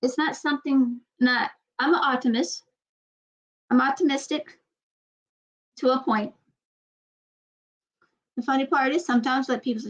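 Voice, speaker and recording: A woman's voice: high-pitched, normal speed, pauses often, dull audio. A woman with a light Southern US accent, chatting casually and bluntly in a rambling vlog. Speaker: vlogger. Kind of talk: casual chat.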